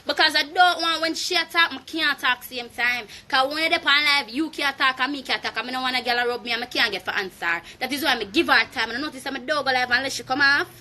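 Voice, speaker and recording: Young Jamaican woman, high bright voice, loud profane livestream rant, phone mic. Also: quick pace, few pauses. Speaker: Instagram live streamer.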